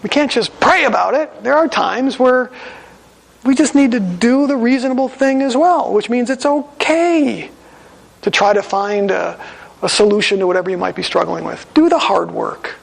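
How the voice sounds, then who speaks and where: A man's voice: very high-pitched, moderate pace, creaky, long reverb tail, low-quality recording. A male pastor preaching a sermon in a conversational, storytelling manner in a church sanctuary.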